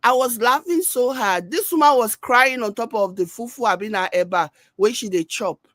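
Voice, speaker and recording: A woman giving animated reaction-video commentary. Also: fairly high pitch, moderate pace, no echo. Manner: animated, mimics people she discusses.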